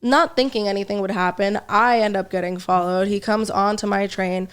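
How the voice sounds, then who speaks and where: Brief: woman comedian guest, smooth clear voice, lively and profane storyteller. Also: mid-range voice, moderate pace. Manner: lively storyteller, curses freely. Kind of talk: casual podcast storytelling.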